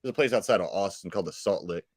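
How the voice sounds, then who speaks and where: A man's voice: sits low, racing, husky, dry recording, studio quality. A man with a Southern accent from North Carolina, co-hosting a casual podcast chat, joking and laughing often as he talks. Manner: laughs often, jokey and animated. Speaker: podcast co-host.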